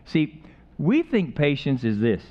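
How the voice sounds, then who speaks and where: A man's voice: fairly high pitch, huge pitch swings, measured pace, warm tone, lo-fi sound. A man preaching a sermon in a conversational way, with jokes and repeated phrases. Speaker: pastor.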